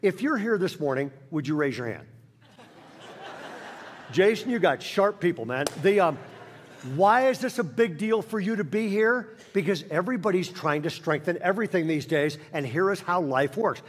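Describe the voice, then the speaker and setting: His voice is high-pitched and expressive, at a moderate pace, with slight background noise and the reverb of a church hall. A guest pastor from Northern California, he preaches to a congregation in a large auditorium, acting out the voices of characters in a story.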